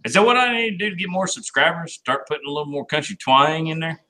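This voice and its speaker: A man co-hosting a casual podcast, joking and animated as he chats. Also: fairly high pitch, fast. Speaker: co-host. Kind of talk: casual chat.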